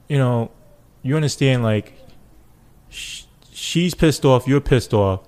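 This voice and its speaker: A man's voice: medium pitch, slow, pauses often, smooth. A man who was a police officer, telling stories casually in an interview and acting out the people he quotes. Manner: animated, acts out quoted people with loose slang.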